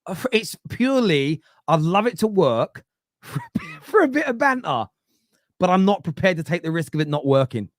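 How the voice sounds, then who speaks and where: A man in his thirties hosting a casual football chat, animated and laughing often, repeating words for emphasis. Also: high-pitched, moderate pace, no room sound, studio quality. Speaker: football podcast host. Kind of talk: casual live-stream chat reading comments.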